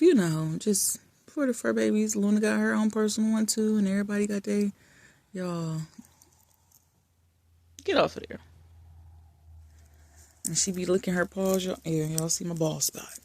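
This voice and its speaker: A woman vlogger chatting casually and affectionately while lying in bed in a dark room, often dropping to soft murmurs. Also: medium pitch, dry recording. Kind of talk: casual chat.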